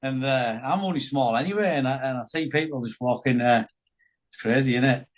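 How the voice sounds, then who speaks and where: A man hosts a relaxed podcast chat. He puts "would you rather" questions to his guest in an easy, friendly way and calls him "mate" often. His voice has a middling pitch. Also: a little fast. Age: 30s. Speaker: podcast host. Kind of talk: casual chat.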